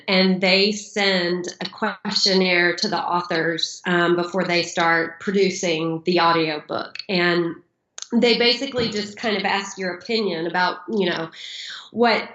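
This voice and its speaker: A woman's voice: fairly low pitch, fairly bright tone. A middle-aged woman from Alabama with a Southern American accent, a guest author telling a story politely, with many ums. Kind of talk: casual interview chat. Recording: echoey, dull lo-fi audio.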